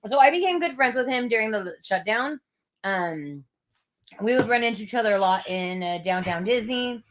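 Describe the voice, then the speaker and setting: A woman's voice: fairly high pitch, animated, moderate pace. Woman co-host, casual chat, chatty storyteller, giggly, lots of fillers.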